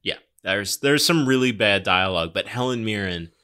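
A man's voice: on the low side, lively intonation, normal speed, bright, forceful tone, clean tone. A young man co-hosting a casual film review podcast, sarcastic, swearing and laughing often. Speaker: podcast co-host. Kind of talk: casual movie review chat.

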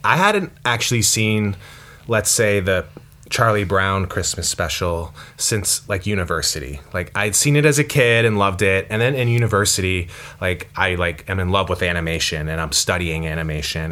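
Deep-voiced, rambling man. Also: moderate pace, bright, forceful tone. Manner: rambling, lots of "like", swears. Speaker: podcast co-host. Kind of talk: casual chat.

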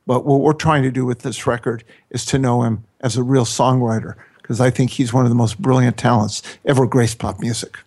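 A man's voice: mid-range voice, fairly even intonation, a little fast, hardly any pauses, a little mellow. A man on a radio interview talking about his record with effusive enthusiasm. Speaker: record producer guest.

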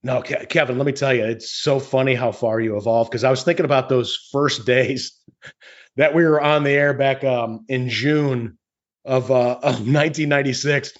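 A man's voice: mid-range voice, steady tone. A middle-aged man, a longtime radio host, chatting casually and often repeating words as he tells stories. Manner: halting, repeats words, storytelling. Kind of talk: casual chat. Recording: dull lo-fi sound.

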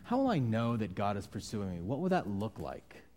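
A man preaching a sermon in a mellow, warm voice. He talks to the congregation conversationally and breaks into sudden loud, high outbursts when he acts out voices. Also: big pitch swings, moderate pace. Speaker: pastor.

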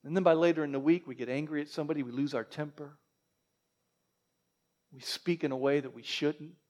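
A man preaching a sermon as pastor, lively, with joking asides to the congregation. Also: on the high side, fairly quick.

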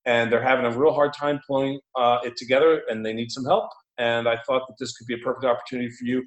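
A man impersonating an enthusiastic, booming coach who shouts insistent orders, recorded with a roomy echo. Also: flat delivery, fast talker, muffled recording, natural voice. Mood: amped up. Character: fired-up, shouting middle-aged male coach.

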